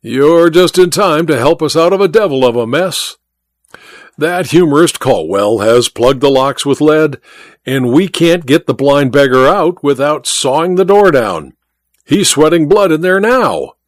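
A man's voice: fairly high pitch, lively intonation, unhurried, no room sound, studio quality. A man voicing a boisterous, wealthy male mining magnate who banters and boasts heartily in a storybook reading. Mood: jovial.

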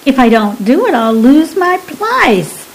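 A woman voicing a sullen, sly young nanny with rough working-class speech. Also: sits high, big pitch swings, takes it slowly, slight background noise, voice pushed up, heavily acted, poor audio. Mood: glum.

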